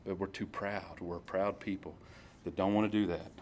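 A man preaching a conversational sermon at a church service, reading scripture slowly and often repeating himself. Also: sits low, fairly even intonation, a little mellow, a little hiss or hum. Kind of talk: informal sermon.

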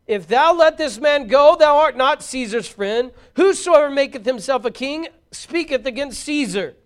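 A man's voice: sits high, fairly quick, pitched above the performer's own voice, natural voice. A man reading an angry crowd's cries. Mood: insistent. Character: angry crowd of chief priests, men.

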